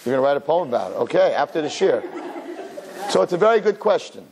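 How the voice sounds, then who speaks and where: A male rabbi teaching a Torah class, dramatic and conversational as he draws his listeners in with questions. His pitch sits a little high and swings widely. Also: sing-song, fast talker, darkish tone.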